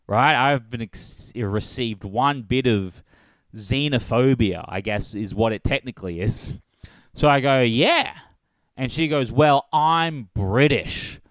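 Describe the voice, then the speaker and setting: A young man hosting a podcast, telling a story in a sarcastic, animated way and acting out both sides of an argument. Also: medium pitch, no echo. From Australia. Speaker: podcast host. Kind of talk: solo comedic storytelling.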